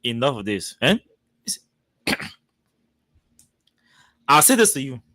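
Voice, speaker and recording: Mocking radio host. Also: male voice, mid-range voice, sing-song, takes it slowly, pushed and bright, no echo. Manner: mocking, argumentative, repeats words. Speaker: radio talk show host. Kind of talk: radio commentary.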